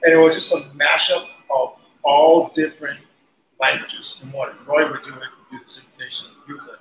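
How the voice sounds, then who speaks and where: A man guest on an interview, telling casual, animated stories with laughs and cursing. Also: fairly high pitch, moderate pace, gravelly. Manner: animated, laughing, swears freely. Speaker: guest musician. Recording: roomy echo, faint noise.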